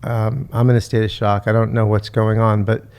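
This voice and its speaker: Casting: middle-aged male podcast host, gravelly, halting, emotional storyteller. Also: on the low side, flat delivery, darkish tone. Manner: halting, repeats words, retells talks with his mother.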